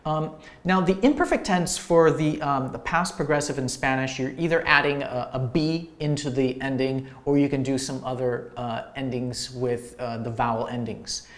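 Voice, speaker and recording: A man teaching language grammar to viewers, talking in a relaxed, explanatory way with many fillers and restarts. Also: medium pitch, normal speed.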